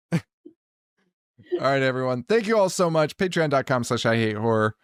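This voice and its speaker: Animated and at a moderate pace, this young podcast co-host speaks in a smooth, medium-pitched voice. On a casual horror podcast, he jokes around, swears, and laughs frequently, captured in studio quality with no echo.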